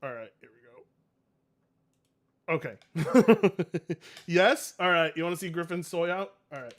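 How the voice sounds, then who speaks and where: A man in his late twenties reacting to clips on a live stream, excitable, laughing often and swearing. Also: sits high, unhurried. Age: 20s.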